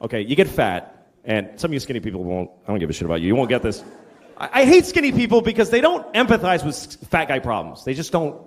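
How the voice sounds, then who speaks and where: A man's voice: mid-range voice, big pitch swings, quick pace. A middle-aged male stand-up comedian ranting in a profane, exasperated way on stage before a live audience. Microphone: stage mic. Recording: live audience and room noise. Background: crowd laughter.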